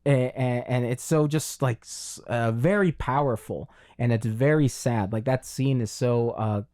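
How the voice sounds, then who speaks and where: A man's voice: mid-range voice, a little slow, dark tone. A man co-hosting a casual film review podcast, talking in long rambling runs with many fillers and restarts. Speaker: podcast co-host.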